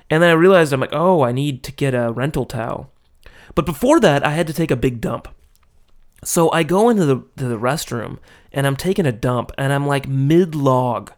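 An American man in his thirties spins loose, rambling anecdotes in a relaxed conversational way. He breaks into laughs and pokes fun at himself as he talks. His pitch sits in an ordinary middle range. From United States. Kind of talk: casual storytelling.

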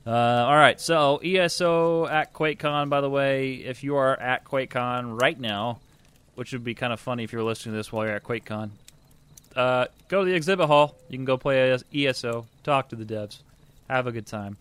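A man's voice: medium pitch, brisk, fairly bright tone, clear, resonant tone, dry recording. A man co-hosting a casual gaming podcast, chatty and upbeat as he reads out game news. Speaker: podcast co-host.

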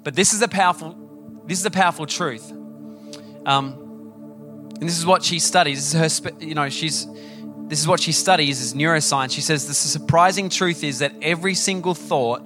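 A young man preaching a sermon, telling a story in a chatty, animated way with many fillers. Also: a little high, moderate pace, over music.

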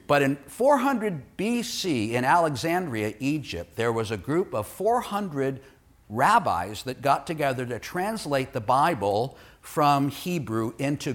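A male pastor preaches with an animated, emphatic delivery. His voice sits a little high and swings widely in pitch as he presses his points and puts questions to his listeners. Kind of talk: sermon.

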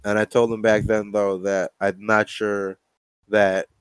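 A man with a fairly low voice talks casually and profanely, spinning stories and acting out other people's lines. The recording is dry and close. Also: flat delivery, a little slow, clean tone, dry recording, low-quality recording. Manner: profane, storytelling, acts out quotes. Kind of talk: casual chat.

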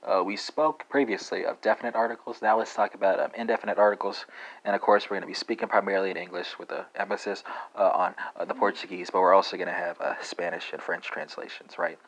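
A man with a deep, low voice and a Texas accent talks through a casual spoken lesson. He speaks haltingly, with many fillers and a habitual "right?" at the end of his points. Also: steady tone, a bit bright, poor audio. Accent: Texan. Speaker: language teacher.

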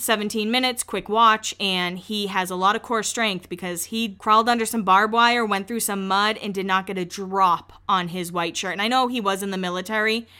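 A woman's voice: medium pitch, sharp tone, smooth. A young woman hosting a podcast, chatting candidly about celebrity news with frequent laughs and filler words. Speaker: podcast host. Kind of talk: casual celebrity-news chat.

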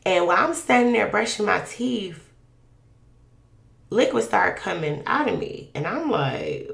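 A woman recounts a personal faith testimony in a loose, chatty way, her mid-pitched voice carrying a gravelly fry. The recording has a roomy echo. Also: a little slow. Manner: conversational, animated, colloquial. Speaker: podcast guest sharing a testimony.

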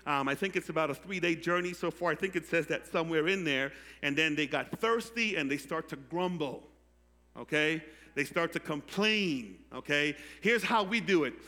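A man pastor preaching a sermon, calling out to the congregation for responses and building from quiet teaching to loud preaching. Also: fairly high pitch, moderate pace. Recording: echoey hall.

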